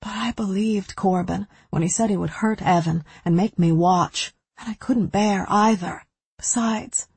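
Woman reading a tense novel, lowish slightly breathy voice, dead dry sound. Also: darkish tone, no room sound. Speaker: audiobook narrator. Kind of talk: first-person novel narration.

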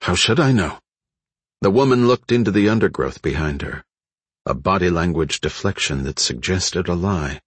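A man narrating an audiobook in a steady, measured way. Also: low-pitched, breathy edge, dry recording. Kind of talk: scripted narration.

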